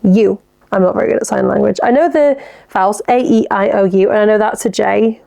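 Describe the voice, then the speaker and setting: Reacting to listener messages with giggles, this young woman hosts a laid-back solo podcast. She talks a little fast at a medium pitch, her warm tone edged with vocal fry.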